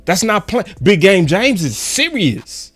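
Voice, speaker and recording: A man hosts his own sports talk channel, preaching to fans in a slangy, emphatic way that keeps circling back to the same points. His voice sits a bit high and swings widely in pitch as he presses each point. Faint music plays under him. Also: very animated, slow, a bit bright, slightly rough. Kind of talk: fired-up fan commentary monologue.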